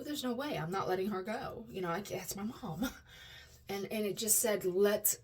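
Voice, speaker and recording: A woman vlogging to her viewers, reciting affirmations, dropping to hushed murmurs and rising to loud excited bursts, often laughing. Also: medium pitch, a little hiss or hum. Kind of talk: personal vlog with affirmations.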